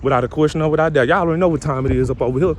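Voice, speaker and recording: A man's voice: a little high, rapid-fire, slight background noise. Slangy man ranting to camera. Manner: loud, repetitive, street slang. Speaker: vlogger. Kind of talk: casual rant to camera.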